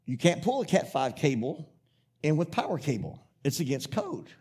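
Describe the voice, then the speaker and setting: A man's voice: a little high, big pitch swings, normal speed, a little mellow, slightly rough. A man preaching a sermon, rambling through a story with restarts before building into emphatic, repetitive preaching.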